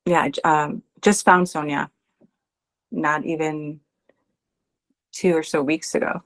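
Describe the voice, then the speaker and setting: A nervous, excited woman guest who speaks hesitantly with many fillers. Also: sits low, slow pace.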